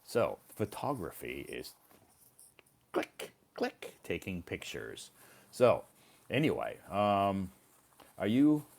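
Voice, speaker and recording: A man's voice: deep voice, huge pitch swings, slow, vocal fry, a little mellow. A male English teacher giving a casual live-stream lesson, explaining patiently and repeating words for learners. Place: living in China.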